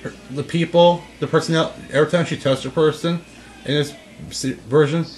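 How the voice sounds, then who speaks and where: A man in casual chat as a co-host, talking in a rambling, halting way with frequent restarts. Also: on the high side, steady tone, darkish tone, soft background music.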